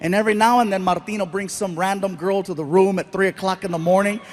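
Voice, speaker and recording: A man's voice: high-pitched, quick pace, a little hiss or hum. A man in his thirties performing a stand-up comedy set, telling stories and acting out the voices of the people in them. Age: 30s. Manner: animated storytelling, acts out other people's voices.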